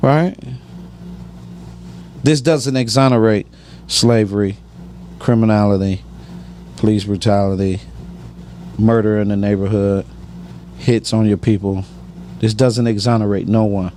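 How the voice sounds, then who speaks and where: A man's voice: lowish voice, fairly even intonation, unhurried, long pauses, warm tone, a little hiss or hum. A man giving emphatic, preachy personal testimony on a podcast, often asking "right?".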